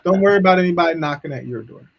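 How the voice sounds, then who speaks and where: A man's voice: fairly high pitch, racing, creaky, highs cut off, a little hiss or hum. A man co-hosting a casual livestream chat, teasing the guests with playful questions. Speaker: co-host.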